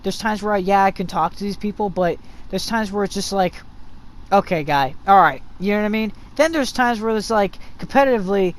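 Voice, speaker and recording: A gaming channel host giving an unscripted, profane rant that rambles with restarts. The host now and then mocks others in shrill put-on voices. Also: fast.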